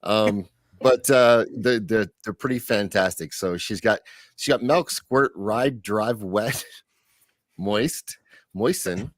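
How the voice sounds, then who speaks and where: A man's voice: fairly low pitch, slow, no echo. A man co-hosting a livestream, reading chat comments aloud and laughing in casual banter.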